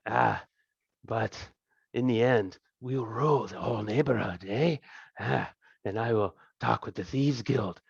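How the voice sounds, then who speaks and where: A man voicing a huge, greedy thieves' king who drawls his plans slowly and tacks on a sly "eh?", on a dull, dry lo-fi recording. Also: mid-range voice, vocal fry, slightly rough, no echo, heavily acted. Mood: scheming. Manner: oily, drawling, with chuckles and "eh?".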